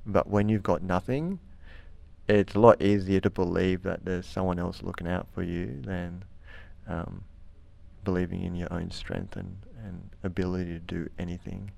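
Young Australian man, low gravelly voice, rambling storyteller, dry close sound. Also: moderate pace, dry recording. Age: young adult. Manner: rambling, many restarts, lively when quoting others. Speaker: interview guest. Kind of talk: casual storytelling.

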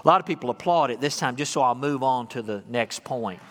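A man's voice: medium pitch, a little fast, a bit bright, big-room sound. A man preaching a sermon as pastor, conversational and humorous, calling on the congregation to respond.

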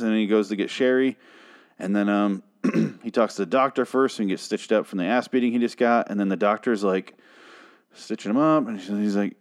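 A man recaps an episode in a loose, rambling way, full of restarts and swearing. His voice sits a little on the low side and turns exasperated and fed up. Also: animated, fairly quick. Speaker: TV show reviewer. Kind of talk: casual episode recap and rant.

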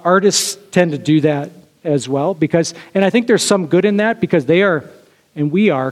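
A man gives a sermon from the pulpit, speaking in a casual, conversational manner with lots of asides to his listeners. His voice sits a little high for a man. The sound carries a long reverb from a large hall. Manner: conversational, with frequent fillers and asides to the congregation. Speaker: pastor.

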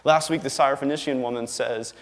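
A man delivers a sermon in a relaxed, conversational manner that builds into firm, emphatic declarations. His voice sits at an ordinary middle pitch for a man. The sound rings out with the long reverb of a large hall. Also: a little fast. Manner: conversational and emphatic, tags lines with "right?" and chuckles. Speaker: pastor.

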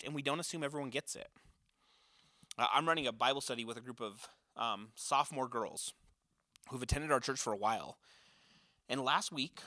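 A man's voice: mid-range voice, sharp tone, no echo, clean studio sound. A man in his thirties, a youth pastor, giving an earnest, conversational training talk to volunteer leaders with many filler uhs.

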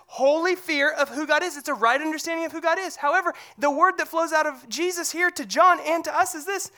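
A pastor delivers a sermon that swings between loud, emphatic stretches and hushed, low ones, often repeating words as he restarts phrases.

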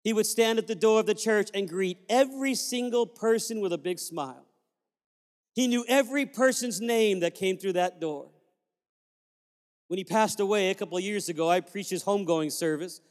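A man's voice: high voice, moderate pace. A man preaching a sermon as pastor, telling family stories with sudden joyful whoops. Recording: long reverb of a large hall.

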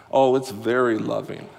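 A man preaching a sermon as a pastor, earnest and animated, rising to loud emphasis and dropping to quiet asides. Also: medium pitch, measured pace, creaky. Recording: long hall reverb.

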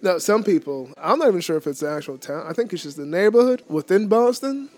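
A man in his sixties telling funny everyday anecdotes in a relaxed, casual chat, laughing often as he talks. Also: sits high, fast talker. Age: 60s. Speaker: guest telling stories. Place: lives in a Boston neighborhood.

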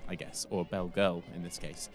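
A man's voice: deep voice, level tone, brisk, soft background music. An English man hosting a casual history podcast, rambling and correcting himself as he goes. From England. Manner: rambling, self-correcting, chatty. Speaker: podcast host.

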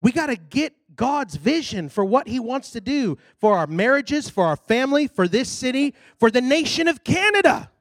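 A man preaching a sermon in a church, telling a story in a casual, animated way and building up to loud, shouted exhortations. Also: extremely high pitch, moderate pace, hardly any pauses, dry recording.

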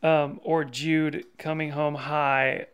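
A man co-hosting a casual podcast, talking in a relaxed, rambling way. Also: on the high side, slow, a crowd in the background. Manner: relaxed, rambling, lots of fillers. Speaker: podcast co-host. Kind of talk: casual chat.

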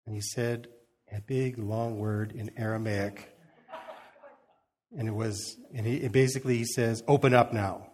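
A man's voice: on the low side, fairly even intonation, a little slow, pauses often, a little mellow. A man giving an informal sermon, reading scripture and retelling it in a conversational way, acting out the quotes and chuckling as he goes. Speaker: preacher.

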